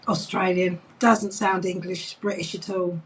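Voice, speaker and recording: A woman co-hosting a podcast on a video call, quick to react and tease in a casual chat. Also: lowish voice, flat delivery, husky, poor audio. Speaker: podcast co-host.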